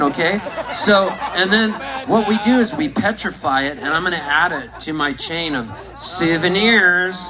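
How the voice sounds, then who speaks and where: Guy on stage rambling thru a weird story, deadpan, crowd laughing loud behind him. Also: fairly high pitch, moderate pace, noisy background. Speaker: musician and comedian on stage. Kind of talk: live storytelling to an audience. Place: stage at a live show. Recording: live recording with loud crowd. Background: audience laughing, guitar.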